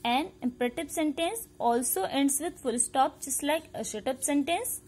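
High-voiced schoolteacher. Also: female voice, normal speed, a little mellow. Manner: repetitive, checks understanding, mixes in Hindi; spells words out letter by letter. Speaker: school teacher. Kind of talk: recorded grammar lesson for young pupils.

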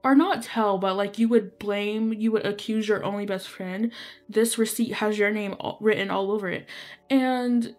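A woman's voice: medium pitch, fairly even intonation, normal speed, darkish tone. Young woman gaming creator, rambling, filler-heavy storyteller who keeps apologizing. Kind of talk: casual storytelling while playing.

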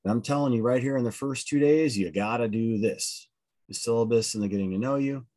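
A man's voice: mid-range voice, a little fast, mellow. A middle-aged man, going over a course calendar on the first day of a college logic class in a candid, blunt, chatty way with many asides.

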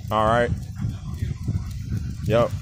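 A man in his forties telling a story in a casual vlog, animated and swearing as he talks straight to the viewer. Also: fairly low pitch, extremely slow, heavy background noise. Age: 40s. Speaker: dog breeder. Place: outdoors walking a dog.

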